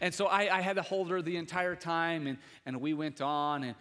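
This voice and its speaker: High, bright-voiced preacher telling a story. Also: male voice, level tone, moderate pace, in a large hall. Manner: conversational storytelling, rising to emphatic preaching. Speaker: pastor. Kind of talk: Easter sermon with personal story.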